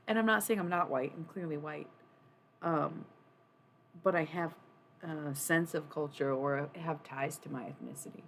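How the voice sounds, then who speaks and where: Chatty low-voiced woman streamer. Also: fairly even intonation, unhurried, a little hiss or hum. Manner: chatty, rambling, swears casually. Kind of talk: casual chat on a livestream.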